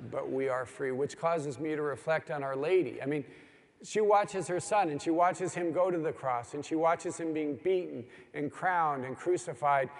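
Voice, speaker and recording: A man's voice: fairly high pitch, normal speed. Earnest preacher man in an echoing hall. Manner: earnest storytelling with rising, pleading emphasis. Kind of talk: sermon to a men's gathering. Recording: long hall reverb.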